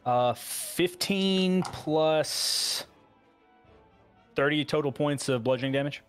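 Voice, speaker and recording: A man's voice: a little high, takes it slowly, clean tone, soft background music. A man serving as dungeon master for a tabletop game, sounding laid-back and chatty. He pads his rulings with "um" and "like" and laughs readily at the table's jokes. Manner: hesitant, filler-heavy, laughs easily. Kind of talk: casual tabletop game narration.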